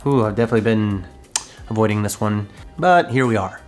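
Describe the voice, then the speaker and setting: A man's voice: fairly low pitch, a little fast. A man talking casually to camera in a vlog from his home studio, playful and self-mocking, with faint music behind him. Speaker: YouTuber and podcaster.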